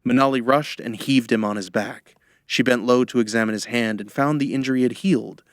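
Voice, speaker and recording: A man narrating a fantasy audiobook in a measured storytelling manner, close to the microphone. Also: mid-range voice, fairly even intonation, dry recording. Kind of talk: scripted narration.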